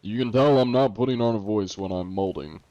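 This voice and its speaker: Male streamer, very low voice, laid-back, sarcastic, dull lo-fi stream audio. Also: a little fast, warm tone, dry recording. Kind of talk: casual gameplay chat with viewers.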